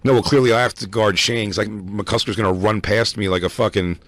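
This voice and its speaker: A man's voice: lowish voice, fairly even intonation, a little fast, fairly bright tone, no echo. A man hosting a podcast, rambling through a story with frequent restarts and plenty of swearing. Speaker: podcast host. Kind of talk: casual chat.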